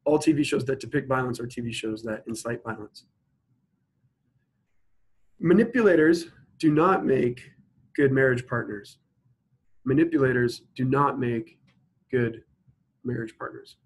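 A male instructor works through logic examples at an even pitch. He slows down to spell out each sentence and keeps asking his listeners to stop and think before he gives the answer. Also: slightly rough, rough recording. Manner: explains step by step, asks students to pause and think. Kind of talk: recorded logic lecture.

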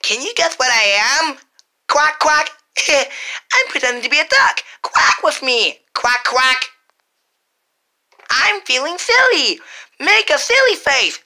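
A woman voicing a cheerful childlike toy tiger, with slow, bubbly, sing-song phrases for small children. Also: sits high, very animated, bright, forceful tone, heavily acted.

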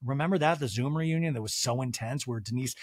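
A man's voice: medium pitch, quick pace, no room sound, studio quality. A man hosting a reality TV recap podcast, chatty and profane with lots of fillers and asides. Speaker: podcast host.

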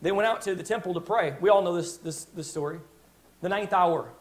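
Brief: male preacher, very high voice, impassioned storyteller in the pulpit. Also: brisk. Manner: impassioned storytelling, dramatic retelling. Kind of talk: sermon.

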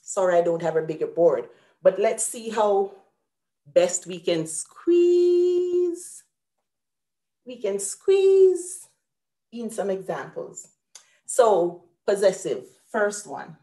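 A woman's voice: lowish voice, measured pace, dark tone, roomy sound. A woman teaching a live grammar lesson at a whiteboard, explaining patiently step by step and correcting herself aloud. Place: room with a whiteboard.

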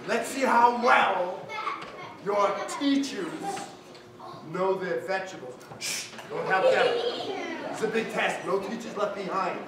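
In an echoey school hall recorded from far off, a storyteller with a high-sitting voice speaks slowly over background noise from his young audience. He tells a folk tale to schoolchildren, coaxing answers from them and stretching words out to build suspense.

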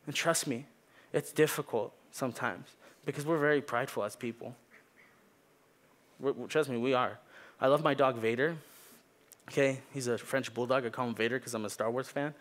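A man's voice: mid-range voice, normal speed, pauses often, a bit bright. A young man preaching a sermon in a church, casual and joking, with many fillers. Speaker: youth preacher, pastor's kid. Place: church sanctuary.

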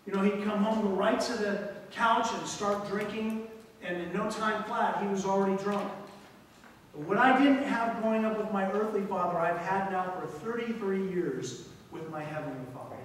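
A man with a high voice preaching in a church sanctuary, switching between reading verses and commenting on them dramatically. He is miked from a distance, so his voice rings through a long, echoey hall over a faint room hum. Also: normal speed. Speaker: guest preacher. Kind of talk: sermon.

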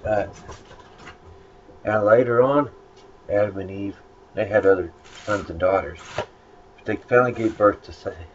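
A man's voice: lowish voice, unhurried, pauses often. A man giving a casual Bible lesson, rambling and conversational with many fillers. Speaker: Bible study teacher. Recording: dull lo-fi recording with faint noise.

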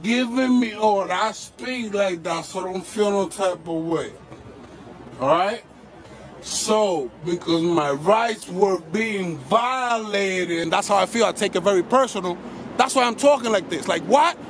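A man's voice: high voice, a little slow. A man filming with a handheld camera outdoors, defiantly arguing and repeating himself. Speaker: camera-carrying auditor filming police. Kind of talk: confrontational street argument. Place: outdoors on a busy city street. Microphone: handheld camera mic. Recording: street noise on a camera mic. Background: traffic and street noise.

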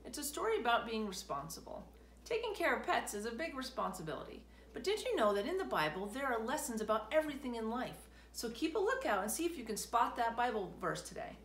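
A woman hosting a children's storytime, reading a picture book aloud in an expressive way. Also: on the high side, quick pace, slight background noise. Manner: animated, expressive. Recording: roomy echo.

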